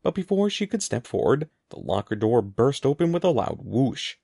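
An audiobook narrator reads a children's storybook at normal speed in a gravelly, mellow voice whose pitch rises and falls a great deal. His delivery is lively and expressive, and the sound is dry and close with no room sound.

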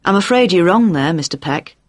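A brisk female detective speaks calmly and firmly, taking charge of the scene as the narrator reads her lines. The pitch is mid-range and the sound is dry and close-miked in an audiobook. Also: no room sound, lightly acted. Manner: calm, firm.

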